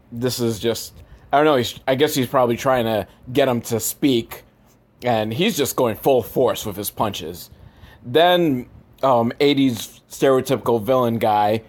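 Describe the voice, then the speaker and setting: A man recapping a movie in a sarcastic, profane and rambling way, with deadpan asides. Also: mid-range voice. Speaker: movie reviewer.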